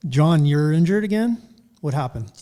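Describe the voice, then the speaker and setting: A man's voice: fairly high pitch, animated, normal speed, noisy background. A man hosting a hockey podcast, upbeat and teasing in casual chat. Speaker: podcast host.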